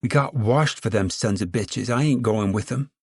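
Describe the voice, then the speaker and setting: A man voicing a fierce, defiant little farm girl who talks in a shrill, demanding way, in a storybook reading. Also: moderate pace, a little mellow, slightly rough, no room sound. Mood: sulky.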